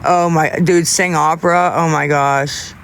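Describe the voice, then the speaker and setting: Rambling young man, halting, slightly high. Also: fairly even intonation, vocal fry, a bit bright, slight background noise. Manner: rambling, halting, with many restarts. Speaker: livestreamer. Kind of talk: casual livestream chat with viewers.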